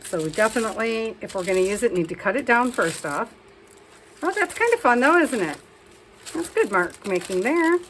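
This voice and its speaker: A woman's voice: fairly high pitch, very animated, normal speed, fairly bright tone, slight background noise, low-quality recording. A woman talking casually through a crafting session as a vlogger, chatting and scolding herself as she works.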